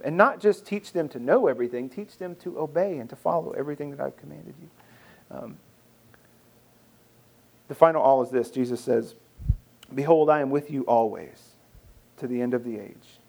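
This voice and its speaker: A man's voice: mid-range voice, normal speed, vocal fry, long pauses, a little mellow. A man preaching a sermon in an earnest, conversational way, often repeating phrases and restarting. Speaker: pastor.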